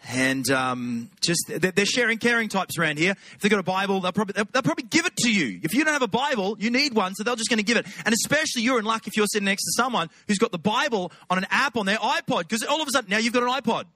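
Australian man, preacher, high bright voice, dry close sound, joking and conversational. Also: animated, fast, hardly any pauses, dry recording. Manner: humorous, conversational, chatty asides. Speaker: guest preacher. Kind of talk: sermon.

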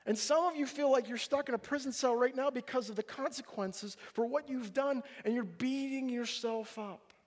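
A middle-aged male pastor preaching a sermon, animated and acting out the voices of people in the story. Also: very high-pitched, moderate pace, few pauses. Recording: long hall reverb.

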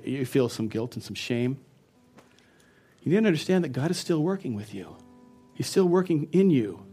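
A man's voice: medium pitch, darkish tone. A middle-aged man, a pastor, preaching a sermon in an earnest and personal storytelling way, often laughing.

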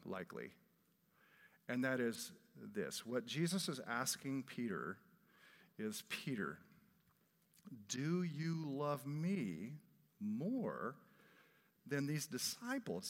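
A male pastor delivers a sermon with a lively, rising-and-falling delivery, pressing hard on key points and dropping to a softer tone between them. His voice carries the long reverb of a big hall. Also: mid-range voice. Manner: expressive, conversational preaching with emphatic swells.

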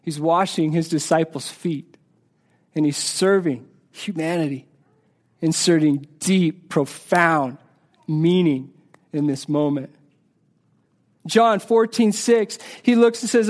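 A man preaching a sermon in a church, earnest, often repeating words and dropping soft and low on key phrases. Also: measured pace. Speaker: pastor.

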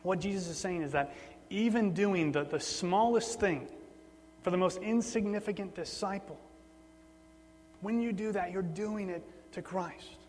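A man preaching a sermon in a relaxed, conversational way, often repeating words for emphasis. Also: sits high, normal speed. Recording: long hall reverb, faint mains hum.

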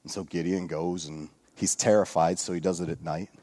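A male pastor preaching a sermon at a church service, retelling a scripture story in a relaxed, joking way with lots of asides. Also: sits low, moderate pace. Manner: casual storytelling with jokes and asides.

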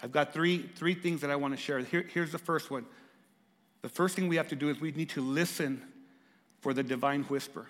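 A pastor preaching a sermon, swinging from raised, emphatic lines to hushed, soft ones. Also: male voice, a little high, brisk, long reverb tail.

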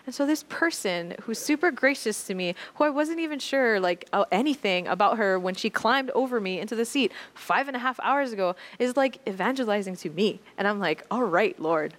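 A woman from Maui, Hawaii, co-hosting a faith podcast, telling a story in a lively, animated way and acting out what people said. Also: mid-range voice, a little fast, hardly any pauses. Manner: lively, animated, often laughing, acts out quotes. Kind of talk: casual storytelling.

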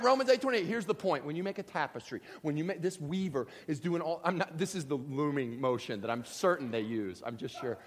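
Animated preacher, a man with a raised voice. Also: on the high side, brisk, few pauses. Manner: earnest, direct address to the congregation, builds to animated emphatic bursts. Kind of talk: sermon.

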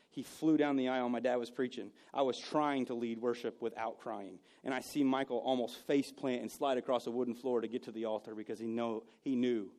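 A man preaching a sermon, telling personal stories and moving between loud bursts and hushed moments. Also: medium pitch. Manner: storytelling, swings from loud to hushed. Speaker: pastor.

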